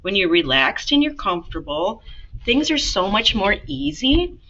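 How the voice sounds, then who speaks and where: A woman's voice: medium pitch, sing-song, moderate pace, a bit bright, dull audio, a little hiss or hum. A woman art teacher giving a casual, encouraging drawing lesson to kids and talking straight to her students. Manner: chatty, encouraging, talks to students directly.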